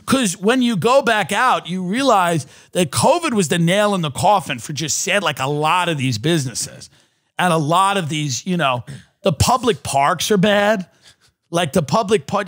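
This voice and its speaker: A man's voice: high-pitched, fairly bright tone, dry recording, clean studio sound. A man in his thirties, a podcast host from the United States, ranting sardonically in a comedic monologue. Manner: sardonic ranting, mocking voices.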